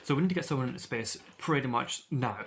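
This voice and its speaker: A man plays a boastful, eccentric gentleman who casually rambles through a tall tale. His voice sits in a middle range, with faint noise in the background. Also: mid-range voice, fast, lightly acted. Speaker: player.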